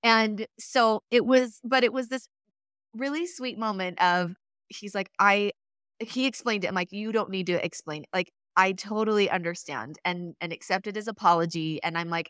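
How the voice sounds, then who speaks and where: Animated storytelling woman, dry sound. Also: medium pitch, moderate pace, clear, resonant tone, no room sound. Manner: animated, laughing, acts out quoted texts. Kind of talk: casual storytelling in conversation.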